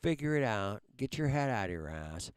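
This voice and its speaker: A man's voice: fairly low pitch, sing-song, normal speed, clear, resonant tone, no echo. Angry, foul-mouthed male stream host. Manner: heated, heavily profane, repeats "man". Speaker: livestream host. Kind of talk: angry livestream rant at viewers.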